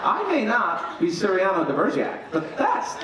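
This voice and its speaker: A man's voice: on the high side, moderate pace, crowd noise. Middle-aged father giving a joking wedding toast. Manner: humorous, animated, acts out quoted voices. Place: wedding reception hall. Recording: very echoey hall, distant mic, faint noise.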